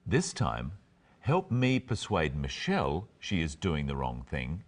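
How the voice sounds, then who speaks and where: A man presenting an English lesson in a clear, careful scripted way, slowing down over the examples. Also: rumbling low, huge pitch swings. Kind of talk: scripted teaching narration.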